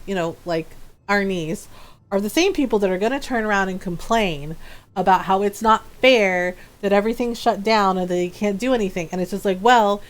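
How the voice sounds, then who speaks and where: A woman streamer chatting casually with her live viewers, ranting in exasperation and breaking into quick laughs. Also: medium pitch. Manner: animated, talks to chat directly. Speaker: game streamer.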